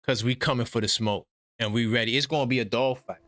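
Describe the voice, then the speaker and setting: A man's voice: mid-range voice, steady tone, fast, noisy background. A man hosting a live sports call-in stream, ranting and mocking rivals in a brash, trash-talking way. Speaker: sports talk stream host.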